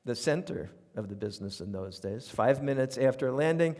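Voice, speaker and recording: Wry older New York man, gravelly. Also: medium pitch, normal speed. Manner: wry, conversational, animated asides. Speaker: radio commentator performing essays on stage. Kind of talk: humorous storytelling monologue. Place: theater stage, live audience. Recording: live theater with long reverb.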